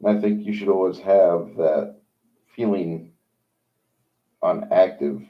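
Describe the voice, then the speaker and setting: Deep-voiced man rambling on a stream. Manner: rambling, opinionated, halting with fillers. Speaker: livestream host. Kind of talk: casual rambling monologue. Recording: dull lo-fi sound.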